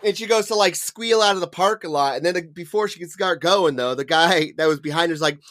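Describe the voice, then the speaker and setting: This young man has a slightly high voice. He tells a story in loose, casual podcast chat, swearing freely and filling the gaps with "like" and "uh.". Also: brisk, fairly bright tone. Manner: rambling, profane, lots of "like" and "uh". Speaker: podcast co-host.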